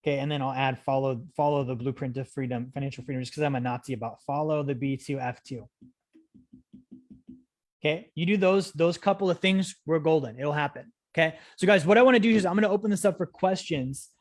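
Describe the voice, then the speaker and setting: A man's voice: on the high side, a little fast, no echo, clean studio sound. A young man hosting a live-streamed finance lesson, talking energetically and asking "right?" and "okay?" over and over to rally his viewers. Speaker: financial education course host. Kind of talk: live-streamed teaching talk.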